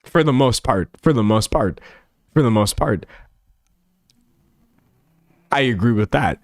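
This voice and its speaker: A young man chats on his live stream, riffing on viewer comments in a rambling, self-mocking way. His voice sits at a middling pitch and sounds dry and close, with almost no room around it. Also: measured pace, no echo. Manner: rambling, self-mocking, animated, laughs often. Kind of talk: casual chat reading stream comments.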